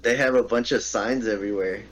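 A man's voice: fairly low pitch, fairly even intonation, a little fast, low-quality recording. A man from Texas on a gaming podcast, chatting casually and telling a funny story, laughing and swearing as he goes. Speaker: podcast co-host. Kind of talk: casual chat.

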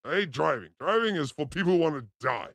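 A man co-hosting a video reaction show in casual chat, given to loud excited outbursts and crude jokes. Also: a little high, fast, dry recording.

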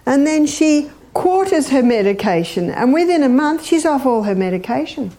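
Older woman, health educator, warm mellow tone, lively and questioning. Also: high voice, moderate pace. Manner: lively, imitates bird laughs, asks the audience questions. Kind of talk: animated teaching talk.

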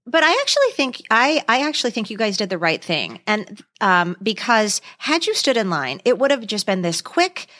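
A woman's voice: mid-range voice, big pitch swings, normal speed, hardly any pauses, fairly bright tone. A middle-aged woman co-hosting a podcast, chatting casually and speaking straight to the listeners with enthusiasm. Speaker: podcast co-host. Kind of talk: casual chat.

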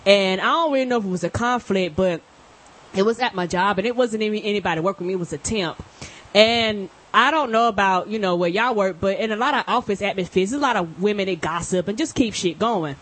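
A woman's voice: mid-range voice, fairly quick, fairly bright tone. A woman co-hosting a casual podcast chat, telling stories bluntly and matter-of-factly. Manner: blunt, matter-of-fact storyteller. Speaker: podcast co-host.

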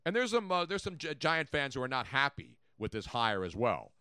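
A man hosting a sports talk show, excitable and chatty, repeating his points for effect. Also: fairly quick, clean tone, no echo, studio quality. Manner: excitable, repeats points, jumps in pitch and volume. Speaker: sports radio host.

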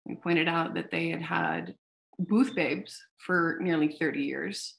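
Frank, animated woman telling her story. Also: lowish voice, takes it slowly, vocal fry. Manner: animated storyteller who acts out quoted dialogue; frank, swears casually. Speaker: founder of a sex tech company, podcast guest. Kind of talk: casual interview storytelling.

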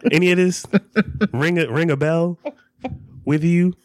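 A man co-hosting a casual chat, telling stories with a lively, joking manner and casual swearing. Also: fairly high pitch, measured pace, no room sound, clean studio sound. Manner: animated, laughs often, swears casually. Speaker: podcast co-host. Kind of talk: casual chat and story reading.

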